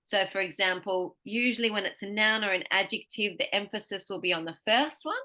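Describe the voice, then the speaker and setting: A woman speech pathologist giving a patient one-on-one pronunciation lesson, explaining slowly with examples. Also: medium pitch, pushed and bright.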